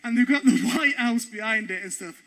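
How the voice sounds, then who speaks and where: A man telling comic stories on a studio stage, excitably acting out the people in them. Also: extremely high pitch, a little fast, background noise. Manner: excitable, acts out the voices in his stories. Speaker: stand-up comedian. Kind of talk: stand-up storytelling. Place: studio stage before a live audience.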